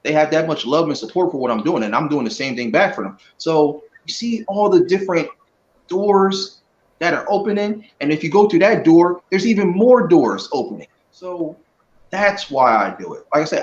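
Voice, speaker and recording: A man talking as a guest in a casual live-stream interview, relaxed and earnest, rambling a little. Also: fairly high pitch, normal speed. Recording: dull lo-fi audio.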